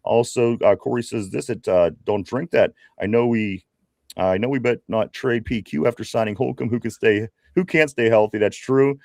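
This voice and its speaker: A man's voice: mid-range voice, normal speed, creaky, darkish tone, no room sound, clean studio sound. A man co-hosting a live sports podcast with a Pittsburgh accent, reading viewer comments aloud in a chatty way. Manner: reads viewer comments aloud, chatty, many fillers and restarts. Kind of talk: casual live-stream chat.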